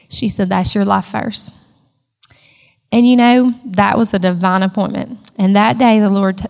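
A woman's voice: mid-range voice, gravelly, a little mellow, in a large hall. A woman sharing an emotional personal testimony in a storytelling manner. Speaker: church member giving testimony.

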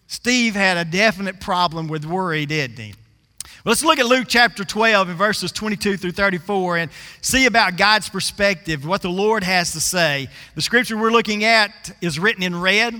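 A man's voice: high voice, sharp tone, long reverb tail. A man preaching a sermon, telling a folksy story and stretching out scripture words for emphasis.

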